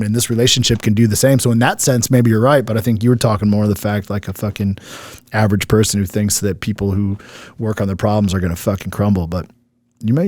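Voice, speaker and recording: A man's voice: lowish voice, a little mellow, no echo. A man co-hosting a casual chat, mocking commenters in a cocky way and swearing freely. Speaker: podcast co-host.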